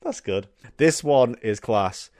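A man's voice: medium pitch, slow pace, no echo. Lad doing his comedy podcast, swears loads, giggly, dead dry sound. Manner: excitable, swears freely, laughs at own jokes. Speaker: podcast host. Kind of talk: casual comedic monologue.

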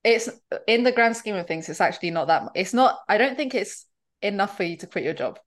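A young woman co-hosting a casual chat podcast, chatty and quick to laugh, reading listener letters aloud. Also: mid-range voice, expressive. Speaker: podcast co-host.

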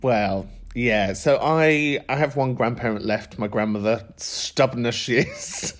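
A man's voice: medium pitch, takes it slowly. A man hosting a podcast, telling stories in a chatty, laughing way. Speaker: podcast host. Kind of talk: casual chat.

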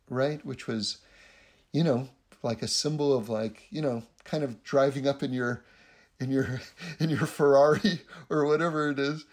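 Gravelly man telling a story. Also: fairly high pitch, darkish tone. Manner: acts out quoted voices, laughs between lines. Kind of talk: animated storytelling talk.

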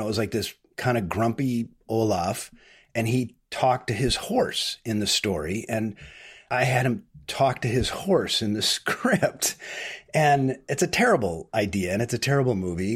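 A man's voice: medium pitch, slightly rough. A male film director guest on a podcast, telling long anecdotes in a casual, rambling way with frequent restarts. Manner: rambling, self-interrupting anecdotes. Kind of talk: casual storytelling interview.

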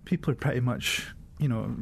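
A comedian speaking as a podcast guest, dry and sardonic in casual conversation, with the odd swear word. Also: male voice, medium pitch, brisk, vocal fry, slight background noise.

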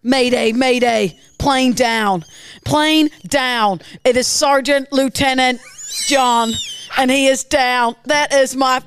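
A woman's voice: high voice, fairly even intonation, takes it slowly, clean tone, dry recording. A woman improvising a male ace fighter pilot making frantic mayday calls. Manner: frantic radio distress calls. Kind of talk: improvised character comedy.

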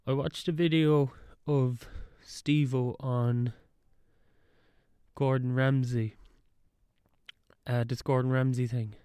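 A young man talks in a loose solo monologue, drifting between thoughts and cutting himself off mid-sentence with a wry edge. His voice is mellow and dark. The sound is dry and close. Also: medium pitch, fairly even intonation, slow, long pauses, clean tone, no echo. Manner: rambling, wry, self-interrupting. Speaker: podcast host.

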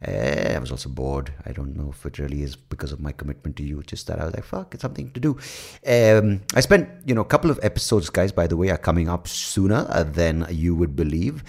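Deep-voiced Indian podcast host. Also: male voice, fast talker, vocal fry, few pauses, a little mellow. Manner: rambling, crude, self-mocking. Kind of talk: comic podcast monologue.

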